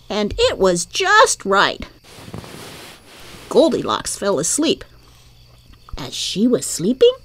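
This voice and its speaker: A woman reading a children's story aloud in an expressive, sing-song way. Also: a little high.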